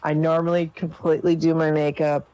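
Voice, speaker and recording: A woman chatting as a guest on a talk show, relaxed and bawdy. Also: low voice, brisk, muffled recording. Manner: relaxed, bawdy, laughs at her own jokes. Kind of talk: casual chat.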